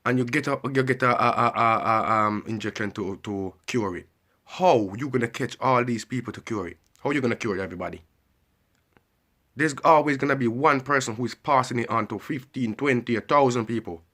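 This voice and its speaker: A man's voice: mid-range voice, brisk, pushed and bright. A man delivering a heated, repetitive ranting monologue and pressing the listener with questions. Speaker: vlogger.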